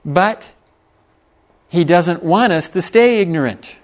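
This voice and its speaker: A middle-aged Texan preacher, his voice somewhat high for a man, delivers a sermon full of folksy stories. He takes his time, stays animated, chuckles, and turns to the congregation with asides.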